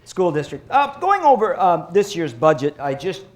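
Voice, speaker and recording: A middle-aged man giving a professional development talk to educators, telling lively stories and acting out teachers and kids. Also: a little high, moderate pace. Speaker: speaker on child behavior for educators. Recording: roomy echo.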